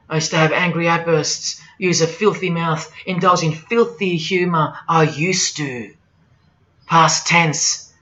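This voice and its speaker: Forceful preaching man, lo-fi sound. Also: on the high side. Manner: forceful, rhetorical, questioning. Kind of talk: preaching monologue. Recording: dull lo-fi audio.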